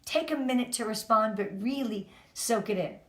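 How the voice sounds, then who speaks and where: A middle-aged woman giving an energetic, emphatic motivational talk to her sales team. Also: on the high side, moderate pace. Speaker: team leader. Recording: echoey room.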